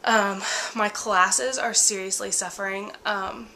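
A young woman vlogging casually about her pregnancy, sick with a cold and out of breath, talking candidly with many pauses and fillers. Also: medium pitch, fairly even intonation, pushed and bright, slight background noise. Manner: tired, candid, many ums and likes.

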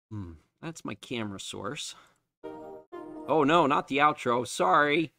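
A man's voice: medium pitch, expressive, slow pace, creaky, bright, forceful tone, soft background music. A man chatting casually while streaming a game from his unfinished basement, laughing often and joking at himself. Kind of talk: casual live-stream chat.

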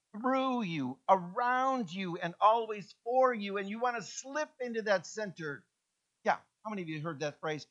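Проповедник с живой, то громкой, то тихой речью; приглушённая запись. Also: male voice. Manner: animated, acts out voices, drops to soft low tones. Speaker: pastor. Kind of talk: sermon. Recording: dull lo-fi sound.

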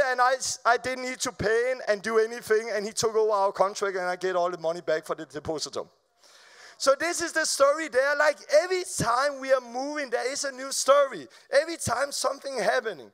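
A man preaching at a live event, telling a personal testimony in an animated, stop-start way, laughing often and repeating words as he goes. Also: very high voice, a little fast, clear, resonant tone. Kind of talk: storytelling testimony. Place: live event before an audience.

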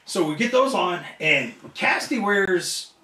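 In a measured, high-pitched voice, an interview guest who wrestles tells a lively, profane anecdote and mimics the voices of others. The audio has a roomy echo, and he sounds somewhat off-mic.

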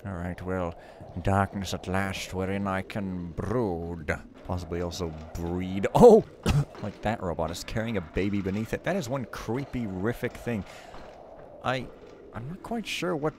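A man's voice: deep voice, animated, a little slow, noisy background. A man giving casual, joking, rambling commentary while playing a stealth game, mocking himself as he goes. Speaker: let's play commentator.

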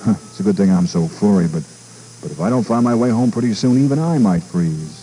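A lonely little bunny from a bedtime story, played by a man reading aloud. His low, dark voice swings up and down as he sniffles and pleads, plaintive and small. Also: lively intonation, fairly quick, slight background noise, close to an everyday voice, poor audio. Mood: cheered, wondering.

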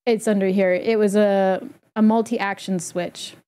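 A woman walking through a software setup in a casual, chatty tutorial, explaining step by step with easy fillers. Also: mid-range voice, fairly even intonation, measured pace, clear, resonant tone. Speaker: streamer giving a setup tutorial. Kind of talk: casual screen-recorded tutorial.

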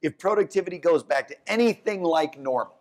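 A man, an economics professor, talking onstage in a lively, fast way that often breaks off and corrects itself. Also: fairly high pitch. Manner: animated, talks in quick bursts, restarts and corrects himself. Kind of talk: onstage conversation.

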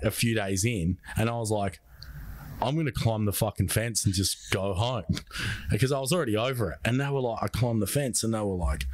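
An Australian man spins a story as a podcast guest, swearing often and acting out what everyone said. His voice sits fairly low. The recording is dry, with no room sound. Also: no echo. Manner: profane, animated, acts out quoted dialogue. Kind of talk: casual storytelling chat.

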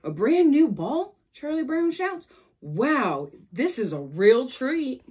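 A hopeful, hapless little boy from a children's storybook, voiced by a woman reading aloud. He speaks earnestly with lively rises in pitch. The voice stays close to the reader's own. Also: slow, breathy edge, exaggerated voice. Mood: excited.

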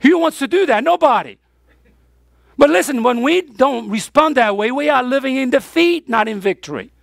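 Woman pastor, sermon delivery, gravelly texture, question-and-answer emphasis, dry close sound. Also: high voice, expressive, normal speed, no echo. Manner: emphatic call-and-response questions. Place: church.

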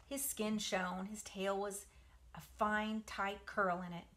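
A woman reading a children's novel aloud for a book club, with expressive storytelling. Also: medium pitch, slow.

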